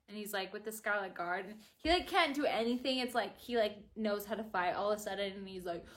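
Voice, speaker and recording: A woman's voice: medium pitch, fairly quick, few pauses, a bit bright. A woman chatting casually to her viewers in a video review, gushing about a book and filling her talk with "like". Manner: gushing and chatty, with constant "like" fillers.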